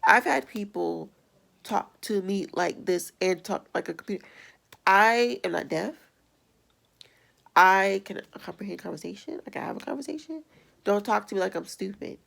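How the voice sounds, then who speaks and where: A woman's voice: medium pitch, lively intonation, normal speed, creaky, fairly bright tone. A young adult woman vlogger ranting bluntly and with exasperation in a casual video. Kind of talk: casual vlog rant.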